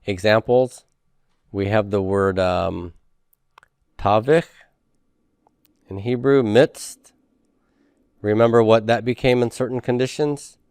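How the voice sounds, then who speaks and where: Man, lecturer, lowish smooth voice, unhurried, dry close sound. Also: fairly even intonation, darkish tone, dry recording. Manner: patient, repeats words slowly, checks in with "okay?". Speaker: Hebrew teacher. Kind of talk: recorded grammar lecture.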